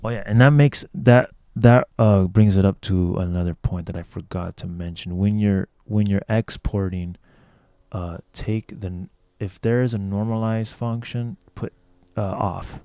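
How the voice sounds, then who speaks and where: A man's voice: fairly low pitch, steady tone, measured pace, dark tone, smooth, no room sound. A man casually teaching how to mix a song in a home studio, rambling and swearing freely as he explains. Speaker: music producer teaching mixing.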